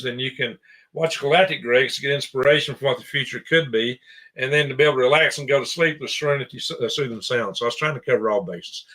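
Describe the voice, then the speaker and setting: A man's voice: mid-range voice, fairly bright tone. A man chatting casually on a podcast about his channels, rambling and correcting himself as he goes. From American. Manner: rambling, self-correcting, chuckling. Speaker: show guest and channel host.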